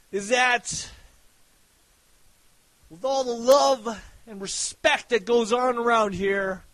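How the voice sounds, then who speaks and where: A man giving a loud, profane, boastful hype rant to his viewers, often breaking into shouts. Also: extremely high pitch, no room sound, low-quality recording. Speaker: website owner.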